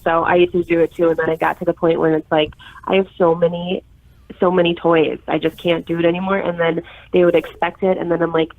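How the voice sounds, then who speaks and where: A woman chatting casually as a podcast guest, a stay-at-home mom who acts out her kids and herself with lively energy. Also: lowish voice, a little fast, no room sound, phone-quality sound. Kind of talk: casual chat.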